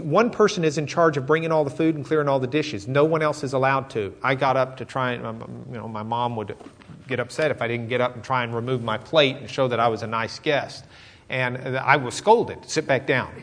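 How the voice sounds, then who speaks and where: A middle-aged man preaching a sermon with animated, dramatic storytelling. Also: mid-range voice, normal speed. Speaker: pastor.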